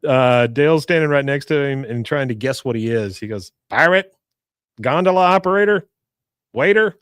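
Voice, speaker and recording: A male podcast host recapping a cartoon episode in a casual, animated way, acting out the characters' lines. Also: mid-range voice, a little fast, clear, resonant tone, no echo, studio quality. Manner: animated storytelling, acts out lines.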